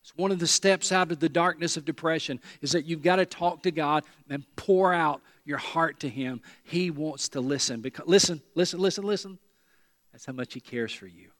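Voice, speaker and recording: A pastor preaching a sermon to a congregation, talking earnestly and repeating words for emphasis. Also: male voice, a little high, normal speed, few pauses, a bit bright. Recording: long reverb of a large hall.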